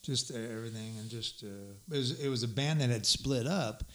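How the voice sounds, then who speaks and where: A man's voice: medium pitch, fairly quick, fairly bright tone. Man telling a rambling story. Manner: rambling, with restarts and laughs. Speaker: bass player and singer. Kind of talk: casual storytelling chat.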